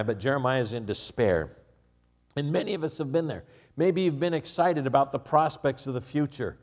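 A man preaching a sermon, swinging from quiet asides to raised, emphatic passages and chuckling at his own jokes. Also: medium pitch. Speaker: pastor.

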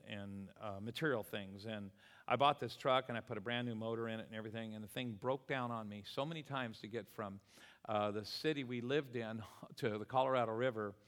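A man preaches to his congregation, moving easily between scripture and personal stories and acting out the people in them. His voice sits in the middle range and carries the long reverb of a church hall. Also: mid-range voice. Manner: animated storytelling preacher, voices people in anecdotes. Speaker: pastor. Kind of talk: sermon. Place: church sanctuary.

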